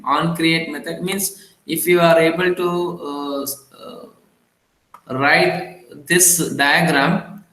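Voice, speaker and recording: Male lecturer from India, slow and halting with frequent fillers, bright tone, recorded in an echoey room. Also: a little high. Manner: halting, many fillers and restarts.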